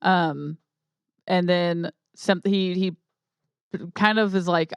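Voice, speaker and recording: A woman's voice: fairly low pitch, steady tone, smooth, no room sound, dull audio. Playful woman co-host, dry close mic. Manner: quick agreeing replies, playful. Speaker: podcast co-host. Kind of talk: casual movie chat.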